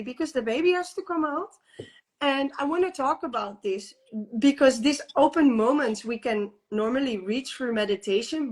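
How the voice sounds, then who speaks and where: A woman guest in an interview, telling a personal story candidly, with frequent laughter, restarts and fillers. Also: high voice.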